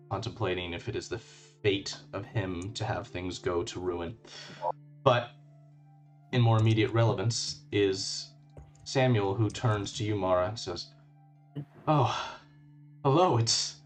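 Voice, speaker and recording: A man narrating a tabletop game as game master in a relaxed way, using fillers as he goes. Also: low-pitched, a little slow, faint music behind.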